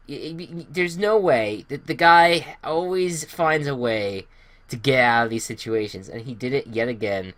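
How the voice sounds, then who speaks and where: A man hosting a casual sports podcast, chatting through the week's games. He rambles, fills pauses with "uh" and restarts his sentences. The sound is dry and close, with no room echo. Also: medium pitch, expressive, fairly bright tone. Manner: rambling, many fillers and restarts. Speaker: podcast host.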